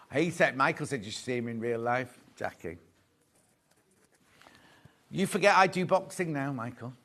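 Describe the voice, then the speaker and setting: Male shopping-channel host, light higher voice, jokey and chatty, corrects himself as he goes. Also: a bit bright. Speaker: shopping TV presenter. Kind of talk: live selling chat, reading viewer messages. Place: TV studio.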